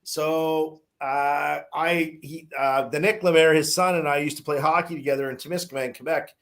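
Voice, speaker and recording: Rambling man with a fairly high voice. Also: steady tone, moderate pace, fairly bright tone. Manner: rambling, swears, many restarts and fillers. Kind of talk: casual storytelling.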